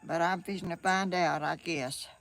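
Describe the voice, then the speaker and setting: An older Georgia woman with a Southern US accent vlogs live from a sunny room at home, speaking in a fairly low voice with fairly even intonation at a moderate pace. She chats casually, seems a bit flustered, and laughs often.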